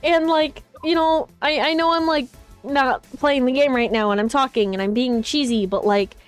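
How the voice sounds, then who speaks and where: A woman's voice: sits high, moderate pace, smooth, faint music behind. A woman hosting a live stream, gushing and rambling in casual chat, with many restarts. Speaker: streamer host.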